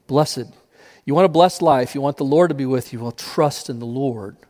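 A man preaching a sermon as pastor, emphatic, repeating key phrases and slowing down to stress them. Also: mid-range voice, warm tone, long reverb tail.

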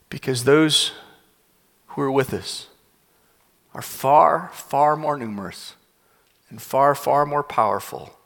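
A man voicing a serene prophet who speaks slowly and calmly. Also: mid-range voice, gravelly, in a large hall, voice pushed down, full character voice. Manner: slow, calm, hushed reassurance. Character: calm elderly male prophet, serene.

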